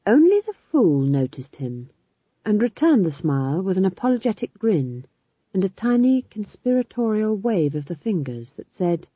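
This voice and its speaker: A woman narrating an audiobook in an expressive, wry reading style. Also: medium pitch, moderate pace, husky, no room sound. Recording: slightly dull lo-fi recording.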